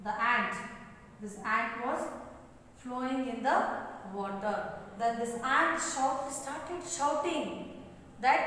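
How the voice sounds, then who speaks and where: Woman teacher going over a poem slow and repetitive, pretty high voice, mixes in kannada for word meanings, mic far away. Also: lively intonation, a bit bright, a little hiss or hum. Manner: slow, repetitive, switches into Kannada to explain words. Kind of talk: English lesson explaining a poem. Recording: echoey far-off room recording.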